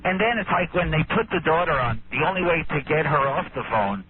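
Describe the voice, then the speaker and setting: A man, a comedian guest on a radio show, giving halting, deadpan answers. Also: a little high. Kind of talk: radio interview banter. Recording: phone-like radio broadcast with noise.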